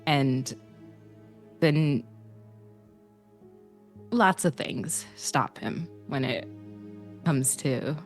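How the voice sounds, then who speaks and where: A woman player giving a hesitant, halting farewell, close to tears, with many pauses and ums. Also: a bass voice, soft background music. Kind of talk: emotional outro chat.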